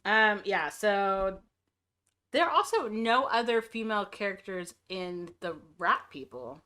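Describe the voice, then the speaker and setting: A woman with a bright, forward voice co-hosting a book club podcast. She makes dry, matter-of-fact remarks in easy conversation. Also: medium pitch, expressive, measured pace. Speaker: podcast co-host. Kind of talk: casual book club chat.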